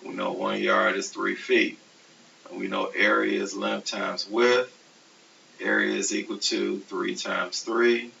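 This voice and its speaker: A man teaching a recorded math lecture, explaining steps slowly and methodically. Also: fairly low pitch, vocal fry. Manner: steady, methodical explaining, self-correcting. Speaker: math instructor. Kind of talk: recorded lecture over slides. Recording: distant, dull, hissy classroom recording.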